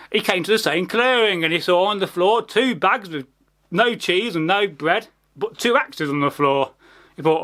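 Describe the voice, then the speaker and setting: A man's voice: sits high, fairly bright tone. A man telling a folk tale casually, rambling with many asides and plenty of swearing. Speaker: storyteller. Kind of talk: casual storytelling.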